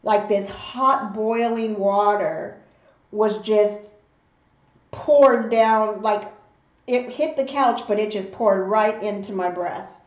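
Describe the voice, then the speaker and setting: Animated woman storyteller, slow and roomy. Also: medium pitch. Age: adult mother. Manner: animated storyteller who acts out the voices in her story. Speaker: mukbang host. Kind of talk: storytelling while eating. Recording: roomy, slightly dull home recording.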